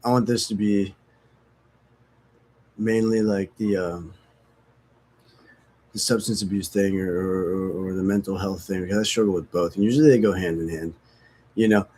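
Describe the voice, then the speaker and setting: A man's voice: lowish voice, a little mellow. Frank, rambling man talking about recovery. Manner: rambling, frank and profane, self-mocking. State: sneezing, withdrawal from opiates. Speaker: recovery vlogger. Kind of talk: casual candid talk to camera.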